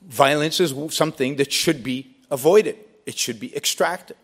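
Man, debate speech, fairly high voice, emphatic, rhetorical questions. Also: normal speed, fairly bright tone, slightly rough.

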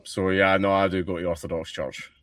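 Glaswegian guy, lowish voice, rambly and sweary, sounds a bit far off the mic in a dry room. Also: little pitch movement, fairly quick, a bit bright, dry recording. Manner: sweary, rambling, filler-heavy. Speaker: guest. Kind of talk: casual chat.

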